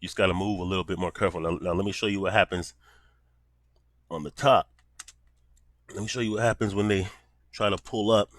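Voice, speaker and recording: A man's voice: deep voice, steady tone, a little fast, long pauses, no room sound. A man giving casual commentary in blunt, profane street talk.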